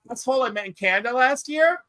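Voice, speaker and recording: A man chatting casually on a panel, telling lively stories and acting out what people said. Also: very high voice, quick pace, no echo. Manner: animated storyteller, acts out quoted voices. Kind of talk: casual chat.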